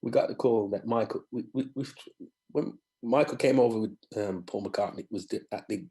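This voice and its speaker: A man, a guest musician telling animated anecdotes in a podcast interview and acting out other people's voices. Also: lowish voice, brisk. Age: 50s.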